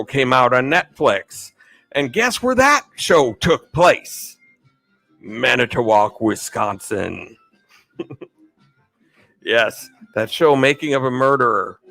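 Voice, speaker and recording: A man's voice: mid-range voice, lively intonation, a little slow, pushed and bright, dry recording, soft background music, poor audio. A man hosting a live stream, answering chat questions in a chatty way, laughing often and losing his train of thought. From United States. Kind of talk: casual chat.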